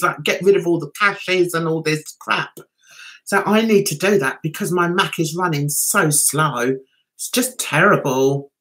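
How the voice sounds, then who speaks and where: A woman's voice: a little high, bright, forceful tone. A woman hosting a livestream, chatting with viewers and giving indignant, emphatic commentary. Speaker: YouTube host.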